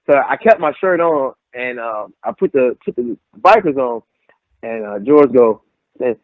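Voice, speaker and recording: Fairly high-pitched and slightly quick, a young pro wrestler animatedly recounts stories in a casual interview, performing the quotes of people involved. The sound is tinny, phone-like, and dry, with no echo.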